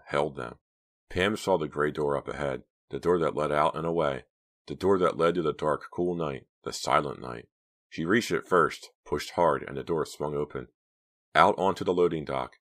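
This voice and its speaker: A man narrating a suspense novel as an audiobook, reading in measured, suspenseful short phrases. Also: very deep voice, fairly bright tone.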